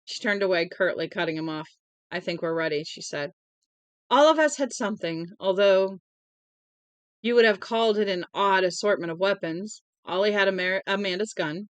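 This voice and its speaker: A woman's voice: medium pitch, clean tone, dry recording. Woman reading a novel aloud, dry sound. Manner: plain, unhurried reading with small slips. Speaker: audiobook reader.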